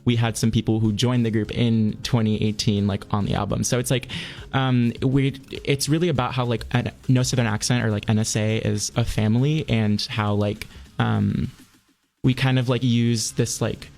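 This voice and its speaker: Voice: mid-range voice, steady tone, moderate pace, vocal fry, a little mellow, soft background music. A young adult student in their early twenties, an a cappella arranger chatting in an interview, hesitant and filling speech with "like". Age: around 20. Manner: hesitant, heavy use of 'like'. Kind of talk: casual interview chat.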